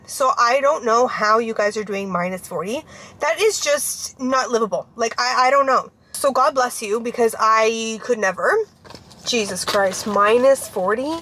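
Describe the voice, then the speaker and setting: Emotional young woman vlogging, bright voice. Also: a little high, a little slow, reverberant. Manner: emotional, heartfelt, rambling with many fillers. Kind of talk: candid confessional vlog chat. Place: car.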